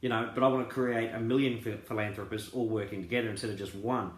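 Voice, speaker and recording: A man's voice: fairly low pitch, fairly even intonation, fast. A man talking casually and earnestly to his group's members, rambling with many fillers and restarts. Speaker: crypto group founder. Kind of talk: casual promotional talk. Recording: roomy echo.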